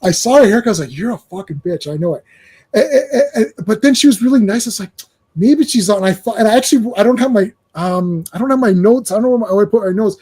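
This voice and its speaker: A man hosting a casual movie podcast, talking in an excitable, rambling way with frequent laughs and swearing. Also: sits high, fast talker, slightly rough. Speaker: podcast host. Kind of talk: casual movie review chat.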